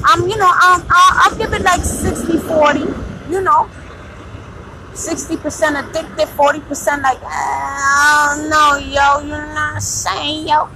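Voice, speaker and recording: Brief: woman, bit high-voiced, raw and profane, candid rant with faint road noise behind. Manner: blunt, profane, laughs loudly. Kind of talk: casual profane monologue.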